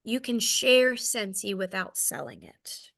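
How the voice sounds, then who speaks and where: Her voice is medium-pitched, expressive, creaky and fairly bright, and she talks slowly. The Southern American woman in her thirties is giving an informal, frank sales training talk, self-deprecating and checking in with "okay?" often.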